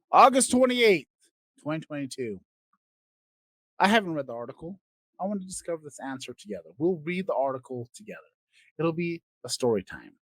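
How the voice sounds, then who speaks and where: A man hosting a comedy podcast, ranting crudely and swinging between loud outbursts and quiet asides. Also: a little high, no echo. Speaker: podcast host. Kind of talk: comedic rant.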